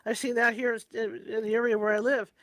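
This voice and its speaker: Chatty male host, very high and bright voice, dry close sound. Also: flat delivery, no echo. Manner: chatty, quick asides. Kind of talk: casual interview chat.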